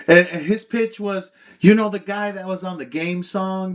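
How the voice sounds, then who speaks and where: A man in his thirties tells rambling stories as a guest on a podcast. His voice sits a little high, and he laughs and swears freely as he plays out each scene. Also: normal speed. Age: 30s. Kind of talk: casual storytelling chat.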